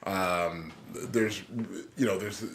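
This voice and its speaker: A man's voice: sits low, extremely slow, fairly bright tone, slight background noise. A man co-hosting a casual podcast in a studio, laid-back and hesitant, often stopping and restarting. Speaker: podcast co-host.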